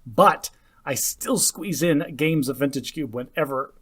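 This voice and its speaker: A man from Arizona co-hosting a podcast in casual chat, halting and restarting as he jokes. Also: a little high, fairly bright tone. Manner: halting, self-interrupting, joking. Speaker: podcast co-host.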